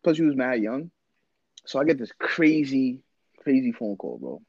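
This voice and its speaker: A man's voice: mid-range voice, very animated, normal speed, a little mellow. A man tells a story to friends in loose, slangy talk and acts out the voices as he goes. The recording is dull and lo-fi, and it sounds dry with no room echo. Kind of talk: casual storytelling chat.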